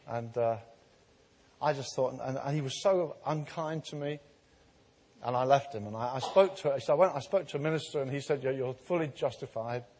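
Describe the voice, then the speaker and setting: A man preaching a sermon, telling stories of healing and building to an emphatic, animated delivery. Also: mid-range voice, moderate pace, a little hiss or hum. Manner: storytelling, growing animated and emphatic. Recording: long reverb of a large hall.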